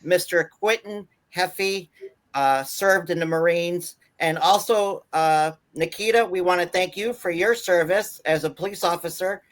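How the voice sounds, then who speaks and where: A man's voice: high voice, a little slow, a bit bright. A man from the Buffalo area hosting a wrestling talk show, reading out announcements in a rambling way with many fillers. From Buffalo area, New York. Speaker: host.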